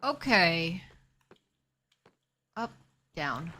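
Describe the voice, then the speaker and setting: A woman's voice: fairly low pitch, big pitch swings, very slow, pushed and bright. A woman streaming a game live, chatting casually with her viewers and talking herself through what she is doing. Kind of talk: casual live-stream chat while playing.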